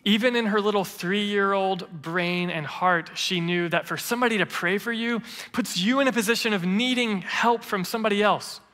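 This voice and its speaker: A male pastor preaches with a bright, forceful, slightly high voice, his words carrying a long reverb through the church. He tells stories earnestly and warmly builds his point, pressing each line home. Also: normal speed, hardly any pauses. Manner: earnest storytelling preacher, quotes others in lively voices. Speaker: interim lead pastor. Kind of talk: sermon. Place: church sanctuary.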